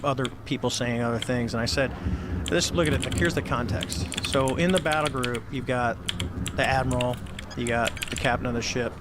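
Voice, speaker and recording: A man's voice: mid-range voice, gravelly, heavy background noise. A middle-aged man, a former Navy squadron commander, telling his story as an interview guest and acting out the dialogue. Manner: animated storyteller, acts out quoted dialogue.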